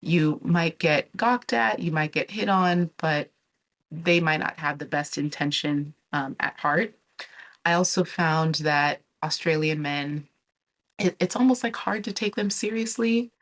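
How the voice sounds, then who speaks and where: Woman, low-pitched, casual vlog talk, candid, chatty. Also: unhurried. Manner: candid and chatty, with filler words and restarts. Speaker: travel and relocation vlogger.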